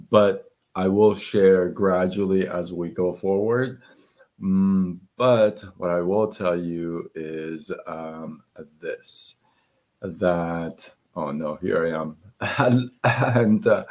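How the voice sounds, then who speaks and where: Slow, deep-voiced man hosting a livestream. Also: darkish tone. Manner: halting, many fillers and throat-clearing. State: losing his voice. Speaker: livestream host. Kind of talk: casual livestream talk. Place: home apartment.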